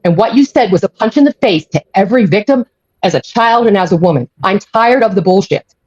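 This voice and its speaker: A woman with a medium-pitched, slightly mellow, husky voice rants angrily on a live stream, swearing often and repeating her points. She speaks animatedly and briskly, with no echo but dull lo-fi audio.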